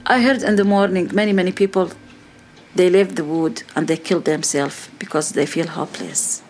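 A middle-aged woman giving personal testimony, speaking slow, halting non-native English in short phrases. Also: lowish voice, steady tone, darkish tone, faint music behind.

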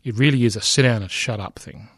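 A man's voice: medium pitch, quick pace, fairly bright tone, breathy edge, dry recording, studio quality. A middle-aged man lecturing, reading a news report aloud with frequent asides, fillers and restarts.

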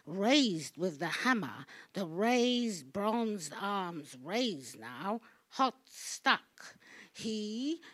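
A woman giving a rambling, free-associating spoken performance, repeating words and phrases, halting and restarting, with sudden loud bursts. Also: medium pitch, husky, dry recording.

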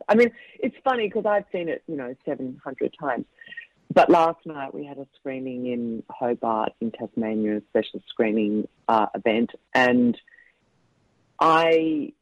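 A man, a film director, talks reflectively in a radio interview, pausing and restarting his sentences. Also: mid-range voice, no room sound. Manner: reflective, halting, many restarts. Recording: slightly muffled dry radio audio.

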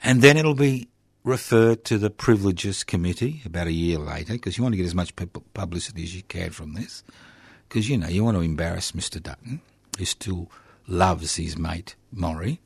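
A man with an Australian accent delivers sarcastic political commentary on community radio, his voice very low and deep. He jabs with mocking, emphatic bursts. The sound is dry and close, with no room around it. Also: moderate pace, gravelly, husky, no room sound.

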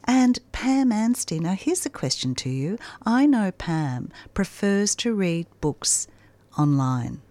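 Woman radio host, lively, dry close sound. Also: mid-range voice, slow, no echo. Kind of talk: radio fundraiser chat.

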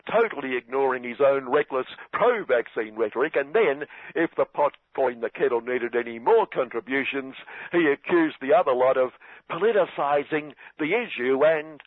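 A man's voice: medium pitch, no room sound. Sardonic man on tinny radio. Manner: sardonic, mock-earnest irony. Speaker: satirical radio commentator. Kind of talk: scripted satirical commentary. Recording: dry, phone-like radio sound.

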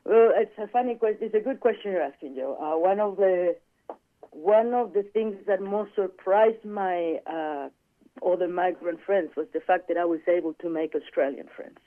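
A high-voiced man, a guest in a casual chat, tells a personal story and animatedly acts out the quoted dialogue at normal speed. The recording sounds dry, thin and phone-like.

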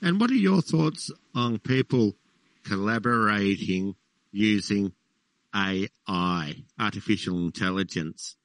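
A male radio interviewer with a somewhat low voice, recorded in a dry studio with no room sound. He puts his questions to the guest with dry, teasing humor. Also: expressive, slow, no echo, poor audio.

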